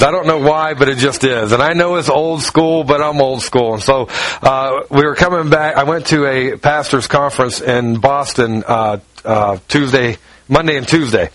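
A pastor preaching a conversational sermon, rambling informally with restarts and slang. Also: male voice, a little high, a bit bright, dry recording, poor audio.

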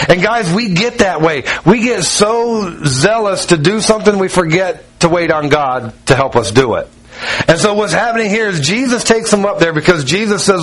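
A man's voice: on the high side, animated, moderate pace, fairly bright tone, low-quality recording. A man preaching a sermon in a conversational style, with asides and jokes to the congregation. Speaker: pastor.

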